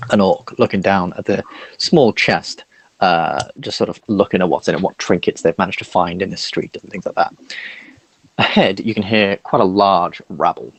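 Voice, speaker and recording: Low-voiced male dungeon master. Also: fairly bright tone, breathy edge, low-quality recording. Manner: halting, many fillers. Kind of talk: narrating a tabletop game.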